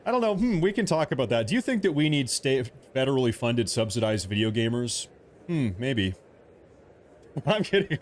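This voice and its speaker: A man hosting a political livestream from home, talking casually, joking and repeating himself as he rambles. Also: medium pitch. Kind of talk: casual live commentary.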